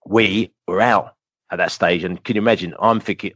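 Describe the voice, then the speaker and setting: A man, a podcast guest telling animated, rambling football fan stories full of fillers. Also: low-pitched, a little fast, no room sound. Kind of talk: casual storytelling interview.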